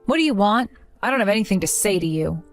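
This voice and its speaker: A woman's voice: medium pitch, expressive, quick pace, faint music behind, close to an everyday voice. A young woman playing a jilted bride who talks earnestly and with strong emotion. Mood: cold. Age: young adult. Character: jilted young bride, hurt but determined.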